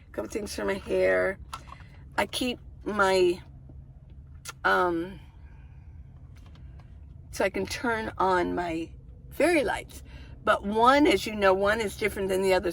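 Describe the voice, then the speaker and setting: Gravelly-voiced woman chatting in a minivan. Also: medium pitch, a little hiss or hum. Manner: chatty, rambling, laughs often. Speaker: vlogger. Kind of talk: casual vlog tour of her minivan. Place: inside a parked minivan.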